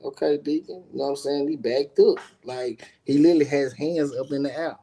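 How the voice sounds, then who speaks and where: A man's voice: medium pitch, steady tone, brisk, mellow. A middle-aged man, a guest on a live stream, telling a personal story in a casual, emphatic and profane way, often turning to speak straight to his listeners.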